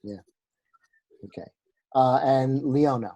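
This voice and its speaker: Video-call facilitator, male, New York accent, warm dark tone. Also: medium pitch, takes it slowly, lo-fi sound. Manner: friendly, calling names one by one. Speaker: meeting facilitator. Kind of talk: casual video call introductions.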